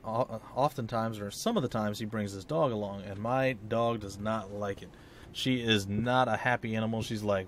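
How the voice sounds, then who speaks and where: A man's voice: fairly low pitch, slight background noise. Chatty rambling man playing a game. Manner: chatty, rambling, self-mocking. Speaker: let's play host. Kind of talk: casual gameplay commentary.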